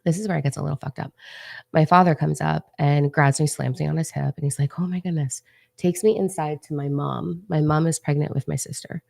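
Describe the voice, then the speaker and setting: A woman with a low voice and a gravelly edge tells her own story. She talks casually, full of fillers, and sounds lively and dramatic. The sound is dry, with no room echo. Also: a little fast. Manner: casual and animated, many "like" fillers. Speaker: spiritual channel host. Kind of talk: personal storytelling.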